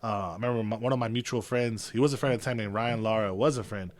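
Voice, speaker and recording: A young man telling rough stories in casual podcast chat, animated and profane. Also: on the low side, fast. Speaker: podcast guest.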